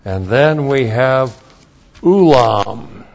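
Guy preaching slowly thru scripture, repeats himself for emphasis, kinda dull recording. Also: medium pitch, lively intonation, gravelly. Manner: slow, spells out Hebrew words letter by letter; repeats key phrases for emphasis. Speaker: pastor. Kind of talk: verse-by-verse Bible teaching.

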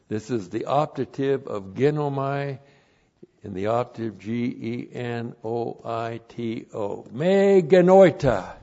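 A male pastor teaching a passage word by word, spelling out Greek terms and bursting into loud emphatic phrases. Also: mid-range voice, lo-fi sound. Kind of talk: expository Bible teaching.

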